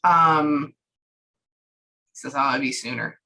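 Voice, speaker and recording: Chatty bright-voiced woman medium. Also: extremely low pitch, slow, rough recording. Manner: chatty, relays quotes in lively bursts. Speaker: psychic medium. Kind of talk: reading session relaying a spirit.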